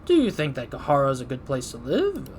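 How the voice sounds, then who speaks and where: A man voicing an old male country priest with a put-on country accent, speaking slowly and solemnly. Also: mid-range voice, huge pitch swings, a little mellow, a little hiss or hum. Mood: preachy.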